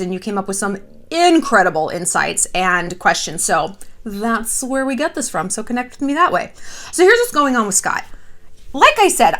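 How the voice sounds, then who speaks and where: A woman hosting a casual chat show, talking in an animated, gossipy way and swearing freely. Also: mid-range voice. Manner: animated, gossipy and frequently profane. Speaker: host.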